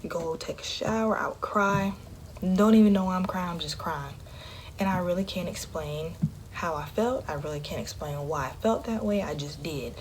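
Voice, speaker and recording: Low-voiced woman sharing candidly. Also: moderate pace, a little hiss or hum. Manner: candid, conversational, drops into a hush often. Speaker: vlogger. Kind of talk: personal storytelling to camera.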